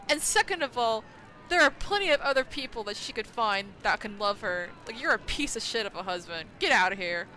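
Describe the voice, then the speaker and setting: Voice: mid-range voice, bright, forceful tone, a little hiss or hum. A game streamer giving casual let's-play commentary, outspoken and swearing freely.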